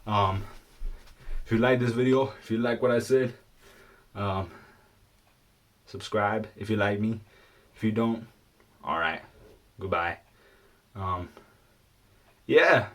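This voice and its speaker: A man's voice: fairly even intonation, a little slow, long pauses. Rambling young man retelling a story. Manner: rambling, slangy, full of ums and restarts; puts on squeaky high voices for quoted characters. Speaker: vlogger.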